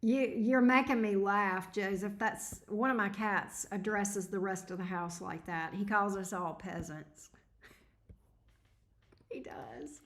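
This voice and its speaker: A woman's voice: mid-range voice, steady tone, takes it slowly, echoey room. A woman giving tarot readings on a livestream, thinking aloud in a hesitant, rambling way. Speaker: tarot reader. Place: home room at a desk.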